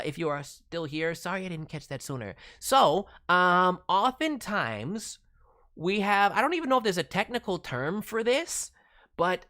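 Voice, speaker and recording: A man's voice: on the high side, pushed and bright. A man streaming as a voice actor, giving chatty, encouraging advice on demos and voice work. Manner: chatty and encouraging, many fillers and quick asides. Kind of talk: casual livestream advice.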